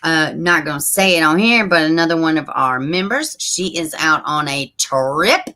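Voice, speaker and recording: A woman hosting a casual livestream, chatting straight to her viewers and reading their comments aloud, with soft asides under her breath. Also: low-pitched, animated, moderate pace. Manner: frequent soft asides while fiddling with links. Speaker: livestream host.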